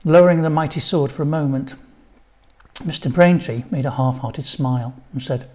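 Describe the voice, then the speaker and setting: Older man, storybook reader, slightly higher voice, chatty asides. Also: steady tone, brisk, warm tone. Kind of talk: reading his own children's story.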